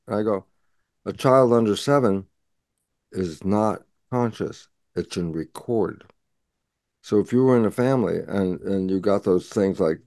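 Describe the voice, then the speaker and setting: A man's voice: on the low side, unhurried, darkish tone, dry recording, clean studio sound. A man speaking as a guest scientist in an interview, explaining at length and acting out imagined back-and-forth dialogue.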